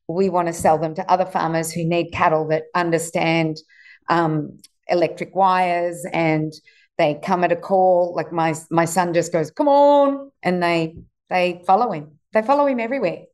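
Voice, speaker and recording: A woman's voice: lowish voice, fairly even intonation, normal speed, a little mellow. Woman, 60s, farm owner, rambling chatty storyteller, casual chat.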